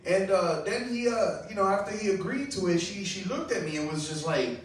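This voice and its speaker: A man's voice: fairly quick, hardly any pauses, slight background noise. Puerto Rican man, stand-up comic, loose rambling delivery, distant mic in an echoey club. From Puerto Rico. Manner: loose storytelling with fillers, climbing high when excited. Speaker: stand-up comedian. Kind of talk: stand-up set at an open mic. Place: small comedy club, open mic. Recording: echoey room, far from the mic.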